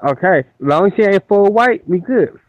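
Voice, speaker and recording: A man co-hosting a podcast in casual chat, answering with short deadpan replies. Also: high voice, normal speed, no room sound, narrow, tinny audio. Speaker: podcast co-host.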